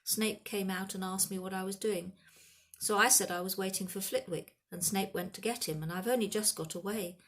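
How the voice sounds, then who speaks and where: A woman voicing a clever, bossy eleven-year-old girl in a storybook reading, speaking briskly and earnestly. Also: mid-range voice, fairly even intonation, fairly bright tone, voice pushed up, natural voice. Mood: apologetic.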